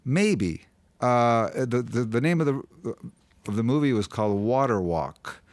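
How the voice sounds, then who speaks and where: A male singer-songwriter, guesting in a radio studio, sings a ballad with his own guitar and then tells its story in a rambling, filler-laden way. His mid-range voice is expressive, a little slow and darkish, picked up dry on a studio microphone with no echo.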